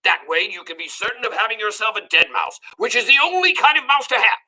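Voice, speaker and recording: A woman reading a storybook aloud and voicing a bossy female cook who shouts orders. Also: mid-range voice, expressive, quick pace, voice pushed up, poor audio. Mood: bossy, shouting.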